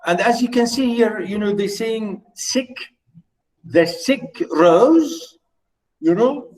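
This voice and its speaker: A man's voice: sits high, normal speed, a little mellow, rough recording. A man giving an unscripted poetry lecture to students, hesitating often, with many fillers and restarts, and checking in with his listeners.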